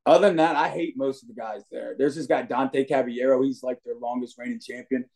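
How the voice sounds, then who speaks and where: A man's voice: medium pitch, steady tone, fairly quick, vocal fry, darkish tone. A young adult man, a wrestler being interviewed on a podcast, talking in a brash, cocky, trash-talking way. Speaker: wrestler guest.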